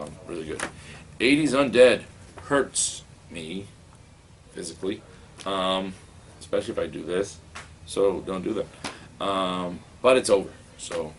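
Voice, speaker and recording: A low-voiced man chats his way through a stack of new comics in a comic book store. He rambles with a wry, offhand humor, stumbling over restarts and fillers. Faint shop ambience sits behind him. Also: a bit bright, a little hiss or hum. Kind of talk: casual review chat.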